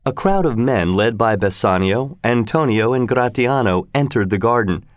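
Male storybook narrator, clear and expressive, mid pitch, dry close sound. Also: moderate pace, no echo. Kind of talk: storybook reading.

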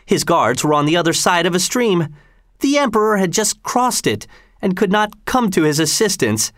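A man reading the lines of an excited male village priest bringing news in a storybook reading. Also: high voice, normal speed, dry recording, studio quality, voice pushed up. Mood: urgent.

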